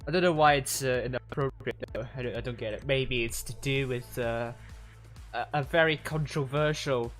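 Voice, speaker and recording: A man casting a live esports stream, talking in a rambling, halting way with frequent fillers and restarts. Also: mid-range voice, fairly bright tone, soft background music. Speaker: stream caster.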